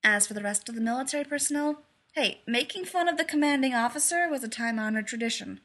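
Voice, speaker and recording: A woman narrating a fan fiction story aloud in a lively, amused way. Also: a little high, quick pace.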